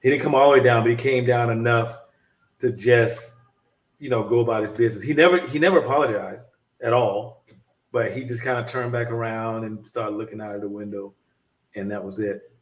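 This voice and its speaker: A man telling a long story in casual chat, animated and rambling, often restarting his sentences. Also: mid-range voice, a little fast, echoey room, far from the mic. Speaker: podcast co-host.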